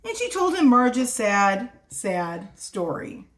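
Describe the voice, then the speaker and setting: A woman reading a children's picture book aloud for a library storytime, playful and expressive, at home. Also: fairly high pitch, slow pace.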